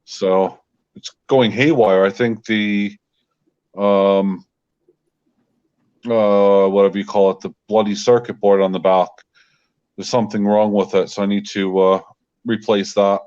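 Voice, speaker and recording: A man's voice: on the low side, fairly even intonation, measured pace, long pauses, darkish tone, clean tone, dull audio. A man, a guest in a casual chat, venting his frustration with lots of fillers. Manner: frustrated ranting with many fillers.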